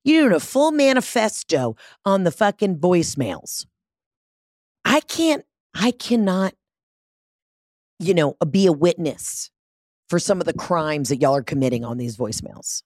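A woman's voice: on the low side, very animated, a little slow, darkish tone, no echo, clean studio sound. Brash, profane woman podcaster. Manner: brash, profane, rambling and self-deprecating. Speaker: podcast host. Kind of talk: casual comedic monologue. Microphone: studio mic with large headphones.

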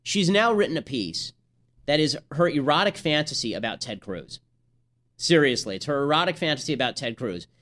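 Young man, podcast host, sarcastic, mocking political monologue, quick delivery. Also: medium pitch, fairly bright tone. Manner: sarcastic, rapid-fire, mocking.

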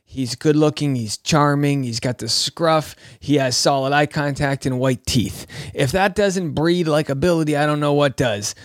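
A man's voice: fairly high pitch, no room sound, studio quality. A man hosting a podcast, chatting casually and joking between played clips. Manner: joking, chatty, lots of asides. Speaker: podcast host.

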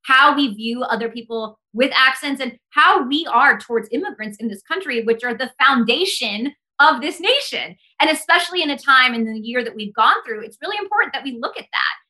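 Impassioned and earnest, this young woman from the US guests on a podcast, her high voice pushed and bright with lively intonation. She talks briskly, barely pausing, with heavy use of "like."

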